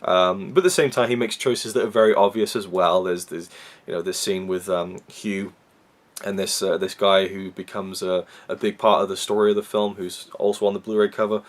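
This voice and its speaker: A man's voice: deep voice, steady tone, moderate pace. A man from Wales with a Welsh accent, reviewing a film in a casual, rambling way with many fillers and restarts.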